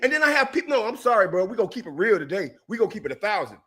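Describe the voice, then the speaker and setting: High, bright-voiced man ranting angrily. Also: sing-song, very fast, husky. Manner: angry, profane, shouting at times. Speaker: co-host. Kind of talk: heated political rant.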